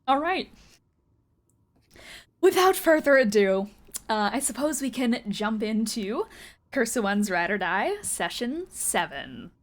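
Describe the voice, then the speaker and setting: A woman's voice: on the high side, very animated, a little slow. A woman running a tabletop game as game master, moving from a casual, giggly recap full of swearing into descriptive narration.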